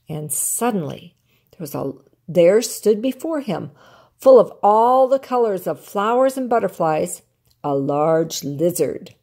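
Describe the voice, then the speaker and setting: An older woman, a grandmother, reading a children's picture book aloud in an expressive, animated way. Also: on the low side, a little slow. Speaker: storyteller grandmother.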